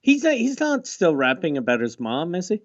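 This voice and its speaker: A man co-hosting a comedy podcast, mostly giving short reactions and quick jokes in casual chat. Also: on the high side, wildly swooping pitch, muffled recording. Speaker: podcast co-host.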